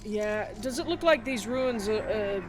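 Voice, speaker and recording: A man's voice: high voice, expressive, measured pace, soft background music. A man playing a tabletop game in casual talk, asking hesitant questions with fillers. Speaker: player.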